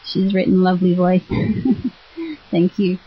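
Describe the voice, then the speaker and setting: A chatty Australian woman with a husky voice greets her online radio listeners in a friendly, easygoing way and laughs often. The sound is dull and lo-fi, like an internet radio stream. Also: on the low side, lively intonation, takes it slowly. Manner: warm, chatty, laughs often, reads from a chat board. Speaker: spiritual teacher on internet radio. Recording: dull lo-fi web radio audio.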